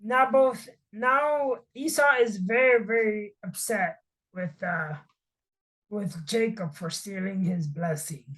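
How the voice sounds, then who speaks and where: A woman reading and casually retelling a Bible story, halting with many fillers and restarts. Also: medium pitch, fairly bright tone, low-quality recording.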